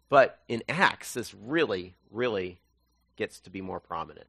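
Animated man preaching a sermon. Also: medium pitch, gravelly, no room sound. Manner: animated storytelling, acts out voices. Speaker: pastor.

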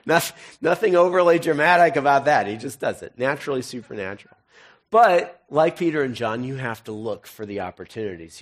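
Male pastor, easygoing joking sermon, mid-range voice, reads scripture then riffs casually. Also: medium pitch. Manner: jokey, conversational asides between readings.

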